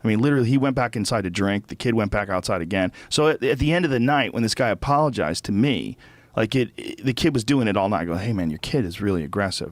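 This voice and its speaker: A middle-aged man with a fairly low, expressive voice talks fast on his podcast, with no echo in the recording. The story he tells becomes a casual, profanity-laced rant that turns heated and repetitive as he gets worked up.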